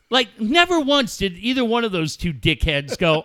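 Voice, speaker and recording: A man's voice: sits high, moderate pace, hardly any pauses, clear, resonant tone, no echo, studio quality. A man hosting a podcast, telling a story in casual profane talk and mimicking other people as he goes. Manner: animated, swearing, mimicking others. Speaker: podcast host.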